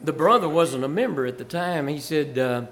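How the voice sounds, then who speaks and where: A man's voice: on the high side, expressive, normal speed, fairly bright tone. An older man from Virginia, a pastor telling church stories in a folksy way, chuckling and rising to fervor. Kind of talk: storytelling testimony.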